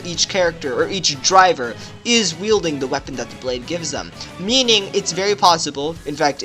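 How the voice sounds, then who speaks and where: A young man casually analysing a game trailer, excitable and rambling, with lots of fillers. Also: a little high. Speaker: gaming video host. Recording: faint background music.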